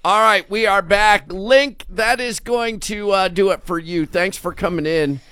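A man hosting a radio show, chatting casually with relaxed fillers and friendly banter. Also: high-pitched, unhurried, smooth, no room sound. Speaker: radio host.

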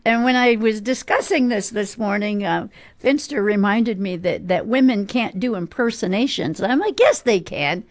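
A woman's voice: medium pitch, normal speed. A woman working as a local radio DJ, chatting loosely and reading the weather in a self-deprecating, easygoing way. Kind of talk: casual radio chat and weather read. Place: radio studio.

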